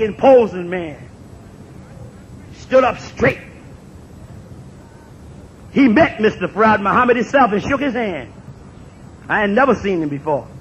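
A man in his sixties gives an impassioned public talk to an audience. He repeats phrases for emphasis and builds up to shouts. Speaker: speaker addressing an audience. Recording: dull lo-fi recording with faint rumble.

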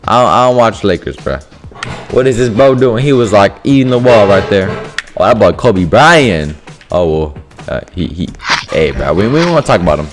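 A man giving animated gameplay commentary over voice chat, swinging between mumbled asides and loud yelling. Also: on the low side, normal speed, over music. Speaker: gaming YouTuber.

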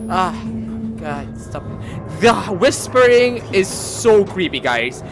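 A young man commentating a horror game let's play, swearing freely and screaming at jump scares. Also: sits high. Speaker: gaming channel host.

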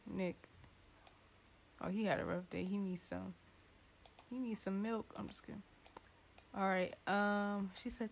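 A woman's voice: fairly even intonation, measured pace, creaky, pauses often, a little hiss or hum. A woman gives playful, chatty let's-play commentary from a home setup, now and then voicing her characters' thoughts. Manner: chatty, playful, voices the sims' thoughts in a squeaky tone. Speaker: gaming YouTuber.

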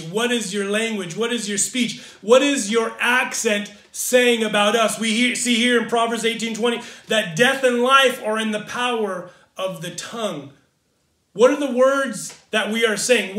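Bright-voiced pastor preaching in an echoey room. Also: male voice, sits high. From Southern California. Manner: earnest, repeats and restarts phrases. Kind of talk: sermon. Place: church in Pacific Northwest.

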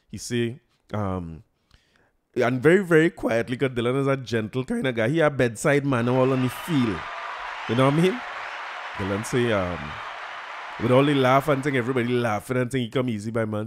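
A man with a Trinidadian accent hosting a podcast, telling a story in a lively, laughing, colloquial way. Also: mid-range voice, brisk. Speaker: podcast host. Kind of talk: casual storytelling chat.

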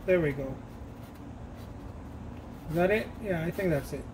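A man's voice: a little high, unhurried, background noise. A man talking casually while he paints, rambling, joking about himself and laughing often. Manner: self-mocking and playful. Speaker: painter hosting his own art channel.

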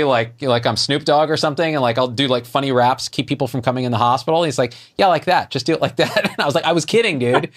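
A middle-aged man, a physician guest, telling a story in conversation and acting out the dialogue with lively jumps in his voice. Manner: animated, acts out quoted dialogue with jumps in pitch.

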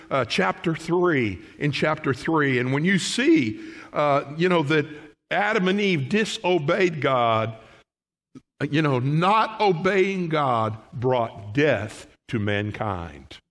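A pastor delivering a Sunday morning sermon in an unhurried, deliberate rhythm. His fairly high voice climbs and dips with animated expression as he reads scripture and speaks directly to the congregation. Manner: addresses the congregation as folks, reads scripture aloud.

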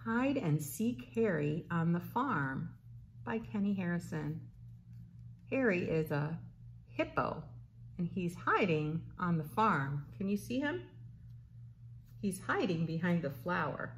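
A woman, a children's librarian, leading a slow, playful storytime for babies and toddlers and asking the little ones questions. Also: on the low side, animated, slight background noise. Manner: sing-song, slow, playful, asks little listeners questions.

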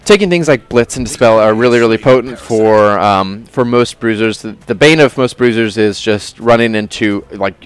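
A man with a low, smooth and resonant voice walks through a character's build on a game studio's livestream. He talks in a relaxed, chatty way, full of fillers and restarts as he explains his choices. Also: normal speed, hardly any pauses. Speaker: game developer showing a new character. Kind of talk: casual livestream gameplay talk. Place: studio at a game company, live stream.

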